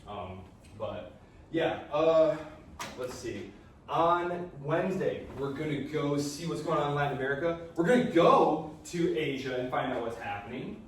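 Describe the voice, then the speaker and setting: A man with a fairly high voice gives a casual, joking history lecture, now and then acting out countries in quick asides. He is recorded from a distance in a very echoey lecture hall, with a faint hum of room noise behind him. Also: lively intonation. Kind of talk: classroom lecture.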